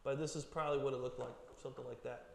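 A man's voice: mid-range voice, fairly even intonation, rapid-fire, gravelly. A man preaching a casual, joking sermon to a group, with chatty asides. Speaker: pastor. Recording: long hall reverb.

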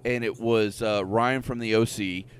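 A man co-hosting a casual podcast chat, rambling and swearing freely, often trailing off quietly. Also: lowish voice, steady tone, measured pace. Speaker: podcast co-host.

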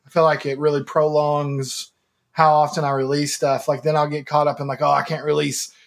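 A man's voice: on the high side, level tone, moderate pace. A young man from Kentucky, a musician guest, telling rambling self-mocking stories in casual podcast chat. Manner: rambling, self-mocking storyteller with frequent restarts.

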